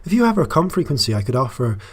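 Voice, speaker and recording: A man voicing a proud, formal woman leader in a put-on Scottish accent, reading game dialogue aloud in measured diplomatic phrases. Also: medium pitch, very animated, slightly rough. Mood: formal, stern.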